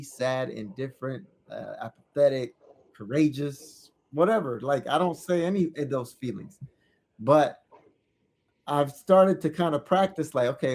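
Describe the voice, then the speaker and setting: A man with a slightly higher-than-usual voice talks through ideas on a podcast. He speaks in a casual, reflective way. He often stops and restarts his sentences as he searches for the right words. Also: darkish tone. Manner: thoughtful, searching, with frequent restarts. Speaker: podcast co-host; parent.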